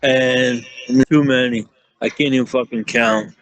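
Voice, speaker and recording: A man's voice: medium pitch, fairly even intonation, unhurried, fairly bright tone, no echo, poor audio. A man from Staten Island with a New York accent, telling rambling, profane stories in casual chat and acting out the quotes. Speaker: guest storyteller.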